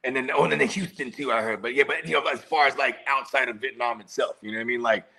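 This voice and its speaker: A man co-hosting a casual podcast, loud and laughing, who breaks into high shouted catchphrases. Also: fast, creaky. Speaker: co-host.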